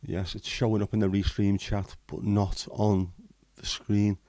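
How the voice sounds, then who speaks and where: A man's voice: lowish voice, little pitch movement, measured pace, warm tone, no echo, clean studio sound. A man hosting a livestream, rambling and joking as he chats to viewers. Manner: rambling, jokey, chatting to viewers. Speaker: livestream host. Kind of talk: casual livestream chat.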